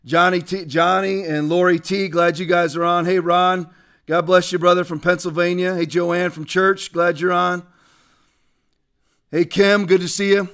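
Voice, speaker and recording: A man's voice: high voice, little pitch movement, moderate pace, a bit bright, clear, resonant tone. A man hosting a religious and political livestream, speaking fervently and greeting viewers by name. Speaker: livestream host.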